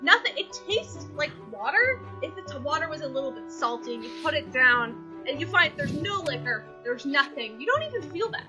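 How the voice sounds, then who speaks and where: A woman running a tabletop game as game master, narrating with chaotic energy and quick asides. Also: high-pitched, very animated, highs cut off, over music.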